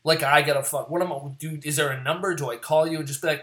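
A man casually giving his fantasy football picks in a rambling, profane rant that swings from loud and worked up to low muttering. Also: steady tone, fast. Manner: profane, rambling and ranting, swears often; gets loud and worked up, then drops back to low mutters.

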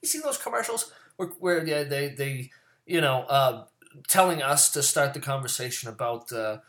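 A man casually giving his fantasy football picks in a rambling, profane rant that swings from loud and worked up to low muttering. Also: expressive, moderate pace. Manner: profane, rambling and ranting, swears often; gets loud and worked up, then drops back to low mutters.

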